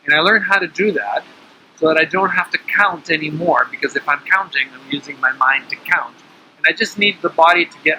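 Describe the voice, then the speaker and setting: With a fairly high pitch and a sharp, husky tone, a man gives a casual lesson on breathing awareness to a small group, coaching them and regularly checking in. The audio quality is poor.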